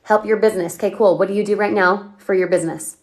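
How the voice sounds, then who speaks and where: A woman coaching on a livestream, talking energetically and firing off questions at her viewers as she reads their comments. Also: medium pitch. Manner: energetic, chatty, asks rapid questions. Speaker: online business coach.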